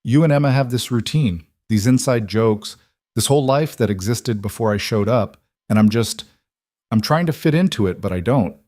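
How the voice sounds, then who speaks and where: A man voicing a stressed working woman in a spoken story, clipped, tense and quick to defend herself. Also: medium pitch, lively intonation, a little mellow, no echo, clean studio sound, natural voice. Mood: strained.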